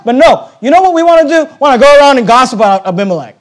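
A man preaching a sermon as pastor, swinging between soft and loud and acting out little dialogues. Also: extremely high pitch, very animated, quick pace, few pauses. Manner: acts out little dialogues and quotes scripture.

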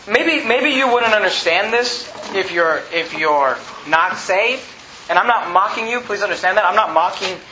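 A man's voice: sits high, pushed and bright, roomy sound, muffled recording, a little hiss or hum. A man pastor preaching a sermon, asking the congregation rhetorical questions and building emphasis. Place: church sanctuary.

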